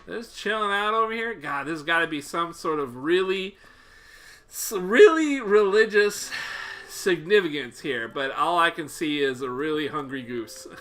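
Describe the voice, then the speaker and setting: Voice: mid-range voice, expressive, moderate pace, fairly bright tone. A livestreamer giving live gameplay commentary, playful and profane, breaking into long laughing fits until in tears.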